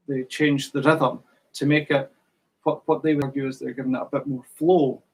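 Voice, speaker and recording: A man's voice: mid-range voice, creaky, breathy edge, rough recording. A man teaching fiddle in an online workshop, patiently counting in and singing rhythms.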